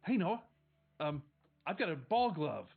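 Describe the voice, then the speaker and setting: A man voicing an eager seven-year-old boy in a tabletop game, with an excited, pleading manner. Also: medium pitch, normal speed, creaky, narrow, tinny audio.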